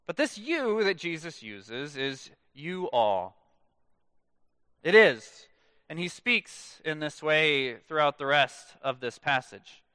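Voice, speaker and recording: A man in his thirties preaching a sermon in a church, telling stories in a lively way and letting phrase ends fall away soft and low. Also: slow, clear, resonant tone, no room sound. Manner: animated storytelling with dramatic soft drops at phrase ends. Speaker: pastor.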